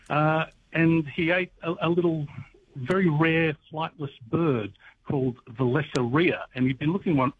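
A man's voice: a little high, breathy edge. Man on a tinny phone line. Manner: storytelling, relaxed, wry. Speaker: history guest on the radio.

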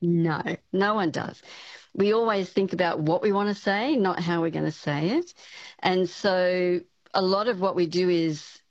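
A woman who is a speech pathology professor, answering questions in a radio interview in a measured, explanatory way with frequent fillers. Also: lowish voice, dry recording, dull audio.

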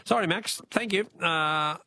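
A man's voice: high-pitched, measured pace, sharp tone, no room sound, clean studio sound. An Australian man hosting a radio talkback quiz in a chatty, jokey way, chuckling at himself between callers.

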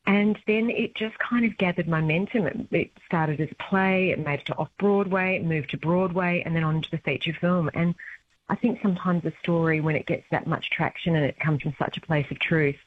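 A woman with a lowish voice talks briskly over a tinny phone line. She's a stage actress in a casual phone interview, chatting eagerly and warmly about her play.

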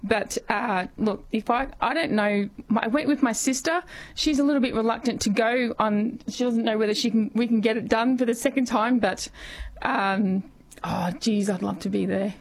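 A woman with an Australian accent and a scratchy, hoarse voice, talking football with passion on talkback radio. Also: on the high side, normal speed. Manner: enthusiastic, passionate. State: hoarse from yelling. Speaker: sport commentator.

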